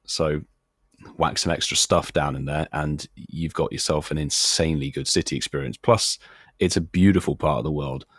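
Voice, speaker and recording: Deep-voiced British man hosting podcast. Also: moderate pace, slightly rough, no room sound, studio quality. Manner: relaxed, musing, leads questions. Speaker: podcast host. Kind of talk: casual podcast chat.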